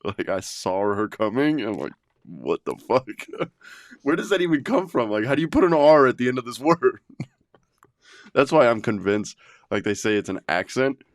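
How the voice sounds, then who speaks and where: A man's voice: medium pitch, lively intonation, normal speed, pauses often, dry recording, clean studio sound. A man co-hosting a podcast in casual chat, laughing often and swearing freely. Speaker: podcast co-host.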